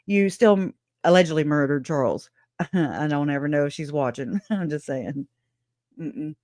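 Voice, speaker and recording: A woman hosting a casual true crime livestream, speaking bluntly and emotionally and laughing often. Her voice sits a little low. It is recorded close and dry, with no room echo. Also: a little slow, a little mellow.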